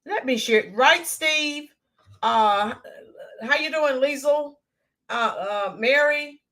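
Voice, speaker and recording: An American livestream host talks slowly in a high-pitched voice, greeting viewers by name in casual chat. Lots of "ums" fill her speech, and her voice carries a slight hoarseness from yelling the day before.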